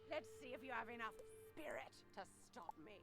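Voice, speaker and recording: A woman's voice: high-pitched, normal speed, creaky, full character voice. An actress playing a menacing female ghost in a game, mocking and threatening. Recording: quiet game audio with music.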